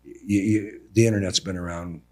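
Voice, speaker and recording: A middle-aged American man telling family stories as a podcast guest in a casual, animated way. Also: normal speed. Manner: animated, mimics his mother in a high voice. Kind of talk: casual storytelling.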